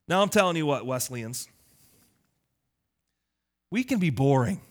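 A male pastor preaching a lively, conversational sermon, teasing his congregation. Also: fairly high pitch, unhurried.

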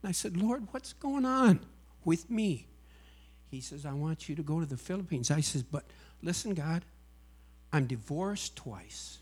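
A man's voice: a little high, lively intonation, normal speed, darkish tone, breathy edge. A man sharing a personal religious testimony, acting out the lines of everyone in his story with feeling. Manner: storytelling, acting out dialogue, emotional. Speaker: UPS driver and missionary.

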